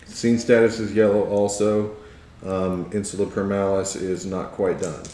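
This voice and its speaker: A man's voice: low-pitched, fairly even intonation, measured pace, background noise. A man narrating casually and playfully as the game master of a tabletop game. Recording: roomy echo, faint music.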